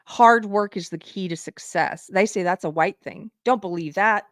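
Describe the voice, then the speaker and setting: On a live political commentary show, a woman host reads items off a list with indignation. Her voice sits at medium pitch and moves a little slowly, recorded clean in a studio with no echo.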